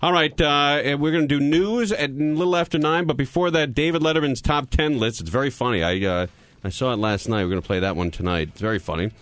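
A man's voice: mid-range voice, fast talker, a bit bright. A man in his forties hosting a radio talk show, joking around with guests and hesitating with fillers. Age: 40s. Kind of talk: casual on-air chat.

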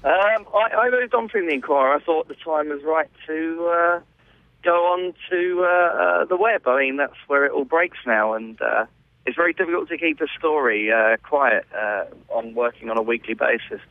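A man's voice: on the high side, moderate pace, no echo. A man calling in to a show, speaking hesitantly with many fillers. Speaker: caller, tabloid writer. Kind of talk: phone call. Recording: tinny phone line.

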